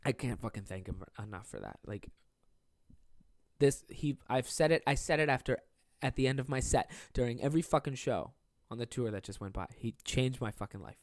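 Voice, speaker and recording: On his solo podcast, a young male comic in his 20s talks a little fast at medium pitch, rambling casually through a monologue. Self-deprecating and cursing nonstop, he's recorded dry and close with no echo.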